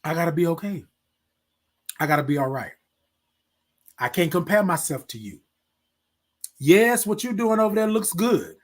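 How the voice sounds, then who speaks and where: A man's voice: a little high, very animated, normal speed, pauses often. A man hosting a live morning stream, giving motivational talk straight to his viewers and repeating his key points. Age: adult, military veteran. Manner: preachy, repeats key phrases, talks to viewers directly. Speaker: host of a live morning show.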